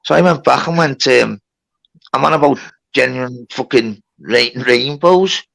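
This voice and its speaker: A man's voice: medium pitch, a little slow, vocal fry, a bit bright. A man telling a long story on a livestream, with lots of swearing and reported speech. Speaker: livestream host. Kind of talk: casual storytelling.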